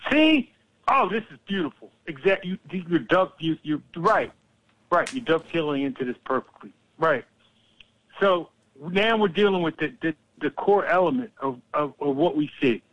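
A man's voice: fairly high pitch, normal speed, no echo, poor audio. Fired-up, profane man ranting. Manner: profane, animated, fired-up storyteller. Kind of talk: heated political talk.

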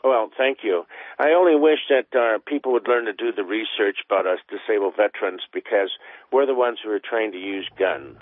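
A veteran man calls into a radio show, loud and urgent. His voice is low, the audio dry and dull, with faint music behind. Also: a little fast, no room sound. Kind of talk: call-in radio caller.

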